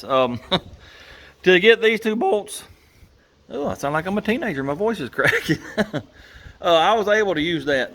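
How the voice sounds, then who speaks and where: A man's voice: a little high, fairly bright tone. Chuckling man in his garage. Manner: folksy, chuckling, grumbles about engineers. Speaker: garage channel host. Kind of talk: casual workshop narration.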